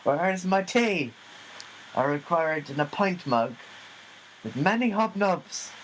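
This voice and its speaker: A man putting on the voice of a demanding diva rock star, shrill, haughty and fussy. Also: animated, measured pace, slight background noise, poor audio.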